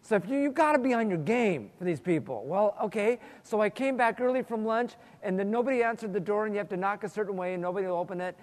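A high-voiced man leads Bible teaching with prayer and stories, speaking earnestly and fast with hardly any pauses. He often repeats a word while gathering his thoughts, and a long reverb makes him sound as if he's in a large hall or church.

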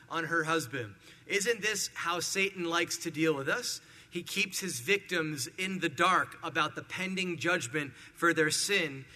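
A man preaches a sermon, working through verses and acting out scenes with lively energy. His voice is very bright and sits a little high. A long hall reverb trails his words. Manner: animated preaching with acted-out scenes. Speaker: pastor.

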